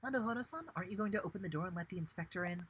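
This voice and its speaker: A man voicing a polite, gentle young woman assistant in a raised, soft voice. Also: high-pitched, animated, rapid-fire, a little hiss or hum, pitched above the performer's own voice.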